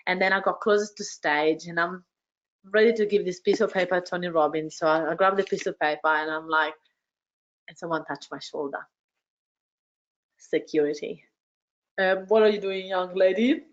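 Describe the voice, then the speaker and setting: A woman hosting an online workshop, telling her story with energy and heaping quick praise on participants. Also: on the low side, fairly even intonation, a bit bright, dull audio. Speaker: workshop host and business coach. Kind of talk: motivational storytelling to an online audience. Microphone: video call.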